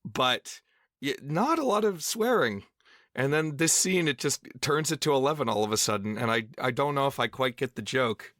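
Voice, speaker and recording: A man's voice: medium pitch, expressive, normal speed, fairly bright tone, no echo, studio quality. A man co-hosting a film podcast, speaking casually and thoughtfully, with some hesitant restarts. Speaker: podcast co-host.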